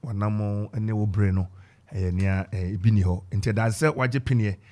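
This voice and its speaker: A man's voice: lowish voice, fairly even intonation, normal speed, warm tone. A man with a Ghanaian accent hosting a live radio talk show in a studio, running through a long list of guests with many fillers and restarts. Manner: rambling, filler-heavy roll call of guests. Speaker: radio host.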